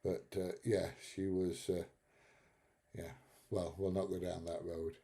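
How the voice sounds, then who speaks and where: A man's voice: deep voice, level tone, unhurried, dark tone. A middle-aged man hosting a live stream, chatting casually and bluntly, swearing and laughing at his own jokes. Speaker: live stream host reading chat.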